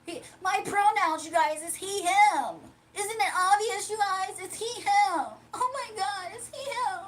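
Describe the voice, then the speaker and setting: A woman voicing a scrawny young man with a high, whiny, exasperated voice who gets flustered easily. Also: a little slow, fairly bright tone.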